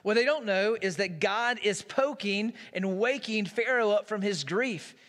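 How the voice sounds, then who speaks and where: A man's voice: sits high, measured pace, a bit bright. A man pastor preaching a sermon in a church, retelling a story in a casual, storytelling way. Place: church sanctuary. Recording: long reverb in a large hall.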